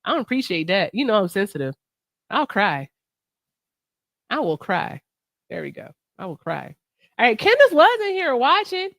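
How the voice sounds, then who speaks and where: A woman hosting a casual livestream, playful and expressive, laughing often as she chats. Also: fairly high pitch, normal speed, long pauses, no room sound, studio quality. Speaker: streamer host.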